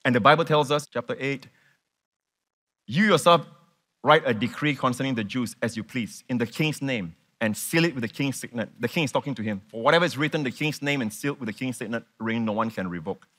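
A man preaching a sermon to a congregation, animated and emphatic, repeating words and putting questions to his listeners. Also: mid-range voice, fairly quick. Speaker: pastor.

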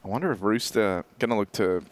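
A man's voice: on the low side, quick pace. A man giving laid-back, joking commentary on a live esports match. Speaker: esports caster.

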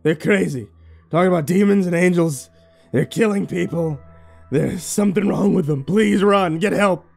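A man voicing a terrified young male captive who shouts, sobs and begs for help. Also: sits high, moderate pace, vocal fry, soft background music, pitched above the performer's own voice. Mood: sobbing. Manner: shouting, sobbing, desperate. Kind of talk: storytelling narration.

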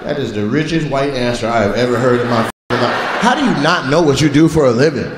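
A man doing stand-up crowd work, teasing audience members with animated banter on a theater stage. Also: mid-range voice, brisk. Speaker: stand-up comedian. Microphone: handheld stage mic. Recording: echoey live theater with noise. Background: audience laughter.

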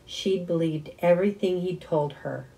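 A woman reading a children's novel aloud with expressive first-person narration. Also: lowish voice, moderate pace, creaky, rough recording. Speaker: audiobook reader. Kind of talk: storybook reading.

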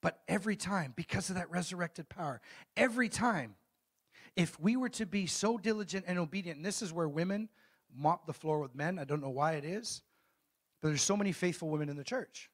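Middle-aged guy preaching, slightly high voice, keeps asking the crowd amen?, slows way down on the scripture bits. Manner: call-and-response preaching, asks the congregation questions; reads scripture slowly and emphatically. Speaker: pastor. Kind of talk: sermon.

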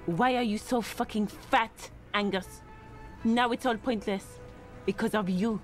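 A man putting on the voice of a scornful, sharp-tongued young woman, sneering and cutting. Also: high voice, a little slow, faint music behind, voice pushed up.

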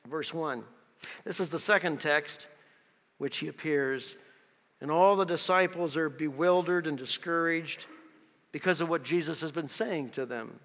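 A man preaching in a church sanctuary, his voice bright and forceful and a little higher than most. He reads scripture emphatically and dramatically, with a long hall reverb trailing each phrase. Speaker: pastor. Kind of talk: sermon.

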